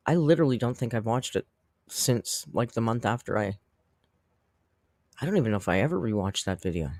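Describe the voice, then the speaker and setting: A man's voice: medium pitch, animated, a little fast, darkish tone, no echo. A man hosting a casual livestream, chatting with viewers in a rambling, self-deprecating way and laughing often. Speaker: YouTube commentary host.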